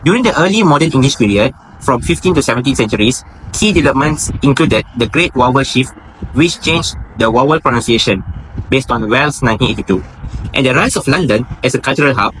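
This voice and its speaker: A man's voice: mid-range voice, animated, a little fast, a bit bright, a little hiss or hum, low-quality recording. A man giving a scripted academic narration as a student presenter, reading steadily and citing his sources.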